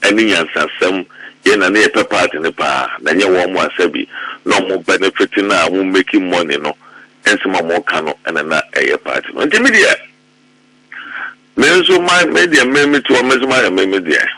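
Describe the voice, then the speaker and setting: A middle-aged Ghanaian man in heated political commentary, animated and quick to repeat himself when worked up. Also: sits low, dry recording, poor audio. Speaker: political party member.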